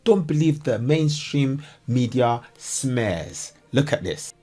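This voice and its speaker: A man hosts his own commentary vlog, talking in a mid-pitched voice. He is chatty and excitable, cracks jokes and talks straight to the viewers. Soft music plays faintly behind him. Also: takes it slowly, hardly any pauses, crowd noise. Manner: excitable, jokey, chatty, addresses viewers as guys. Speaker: commentary vlogger. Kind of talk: casual comedic commentary.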